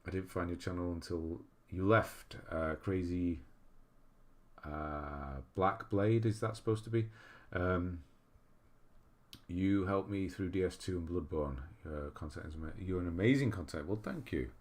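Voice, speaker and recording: An English man hosts a livestream casually and chattily, reading viewer messages aloud and laughing at himself. His low voice is unhurried and a little mellow.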